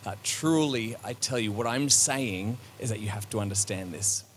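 A man's voice: on the low side, normal speed, slight background noise. Conversational man preaching a sermon. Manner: conversational, with many fillers and restarts; reflective and searching.

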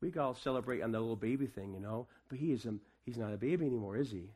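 A man preaching a sermon to his congregation, asking them questions and swinging between quiet, casual asides and raised proclamation. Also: medium pitch, very fast, breathy edge. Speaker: pastor.

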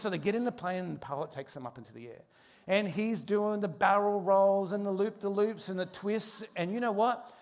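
A man preaching a sermon, telling a humorous story with animated shifts in pace and loudness. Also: sits high, brisk. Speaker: pastor.

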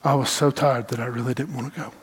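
A middle-aged pastor, preaching a sermon in an animated, folksy storytelling way with dramatic pauses. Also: male voice, mid-range voice, husky.

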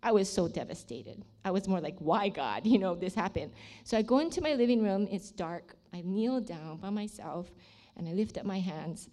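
A woman's voice: medium pitch, expressive, normal speed, warm tone. Earnest older woman telling her faith story. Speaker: speaker sharing a personal testimony. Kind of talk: personal faith testimony.

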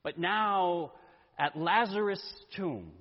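Slow-preaching high-voiced male pastor. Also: lively intonation. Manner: slow, deliberate preaching with dramatic pauses. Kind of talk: sermon. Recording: dull sound with long church reverb.

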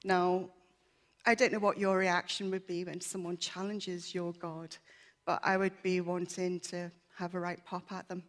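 A woman's voice: on the low side, level tone, unhurried. A woman giving a personal testimony to a church congregation, candid, chatty and self-deprecating, earnest and emotional.

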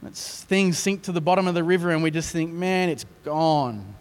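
Australian male pastor, sermon, lively storyteller with self-deprecating humour; somewhat higher voice, long reverberant hall. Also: quick pace, smooth. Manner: animated storytelling with self-mocking asides.

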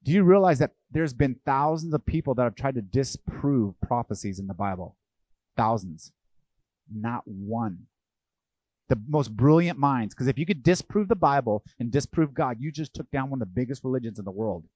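A man's voice: medium pitch, lively intonation, normal speed, a little mellow, no echo. A man preaching a sermon as pastor. He asks his listeners questions and acts out the voices of the people he quotes.

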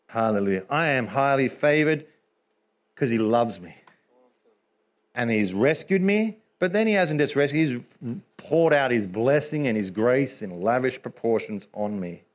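This man, whose voice sits in the mid range, delivers a lively sermon. He laughs frequently and acts out small scenes while he speaks.

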